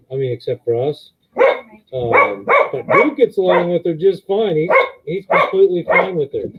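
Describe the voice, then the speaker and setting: A middle-aged man chats loosely on a live stream, wandering from topic to topic. His voice is husky and sits a bit high. The audio is thin and phone-like. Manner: rambling, talks in high baby voice to dogs. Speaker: livestream co-host. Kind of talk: casual live-stream chat.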